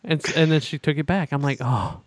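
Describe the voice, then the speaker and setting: A man's voice: a little high, level tone, fast talker, dry recording. A man hosting a podcast, chatting casually and laughing often. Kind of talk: casual chat.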